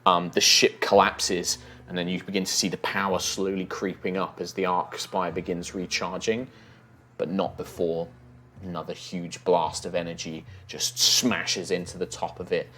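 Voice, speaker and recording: A man's voice: deep voice, flat delivery, moderate pace, sharp tone, a little hiss or hum. A man narrating a fantasy tabletop game as dungeon master, describing scenes vividly with some fillers.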